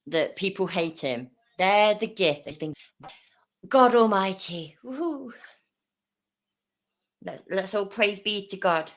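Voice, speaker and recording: A woman's voice: mid-range voice, animated, takes it slowly, long pauses. A woman hosting a live stream, reacting to a video with blunt, sarcastic commentary and plenty of swearing. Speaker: livestream host reacting to a video.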